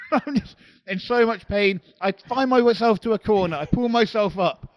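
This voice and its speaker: Guy, high voice, laughing and swearing through a story, dry close mic. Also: sing-song, measured pace, no echo, muffled recording. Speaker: wrestler and podcast co-host. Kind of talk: casual banter.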